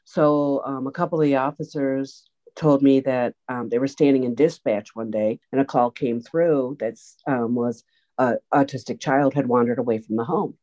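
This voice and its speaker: A woman telling stories in an interview, lively, acting out the voices of the people she quotes. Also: extremely low pitch, moderate pace. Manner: animated storyteller, acts out quoted voices. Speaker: guest, autism program organizer. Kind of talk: storytelling interview answers. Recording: dull lo-fi sound.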